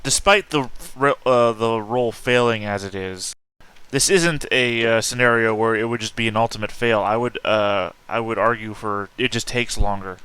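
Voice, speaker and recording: A man's voice: on the low side, moderate pace, pushed and bright, smooth. A man playing a tabletop role-playing game, arguing his case with many hesitations. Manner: argumentative, hesitant with fillers. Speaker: player.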